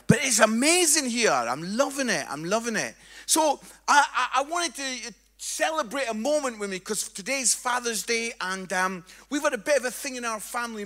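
High-voiced, animated preacher man. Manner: animated storytelling with comic impressions. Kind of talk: humorous sermon. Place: church hall with congregation.

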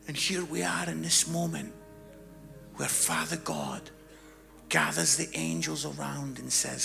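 A man preaching a sermon, telling a story and swinging from hushed tones to loud, fervent passages. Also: on the high side, lively intonation, measured pace, vocal fry, faint music behind.

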